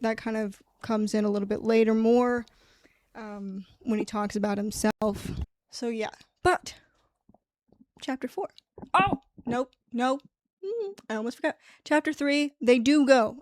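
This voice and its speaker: A woman's voice: on the high side, no room sound. Rambling young woman reviewing a book. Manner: rambling, profane, animated. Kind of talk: casual chat.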